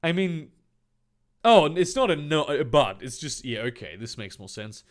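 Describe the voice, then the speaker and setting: A man's voice: on the high side, big pitch swings, normal speed. A man reading a fan fiction aloud in a comedic read-through, with sarcastic, mocking asides and frequent stumbles.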